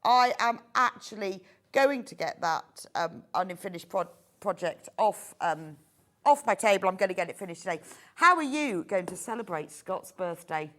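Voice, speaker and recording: British lady shopping channel host, bouncy animated pitch, chatty sales talk. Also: moderate pace. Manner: chatty, enthusiastic selling. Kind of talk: TV shopping presentation.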